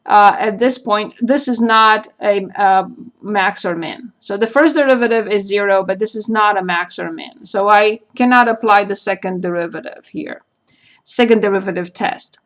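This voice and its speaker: A woman math teacher giving a recorded calculus lecture, slowly spelling out each point and step as she works through a graph. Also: medium pitch, a bit bright.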